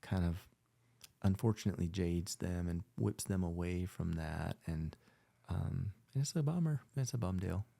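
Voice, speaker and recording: A man's voice: low-pitched, unhurried, vocal fry, warm tone. A man, a physician hosting a casual conversation, telling heartfelt stories and repeating himself for emphasis. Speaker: physician and podcast host.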